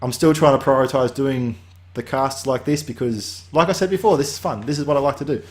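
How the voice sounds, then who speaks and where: A man's voice: medium pitch, fairly quick. Rambling casual male game developer. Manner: rambling, tangential, many restarts. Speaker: game developer hosting a weekly update.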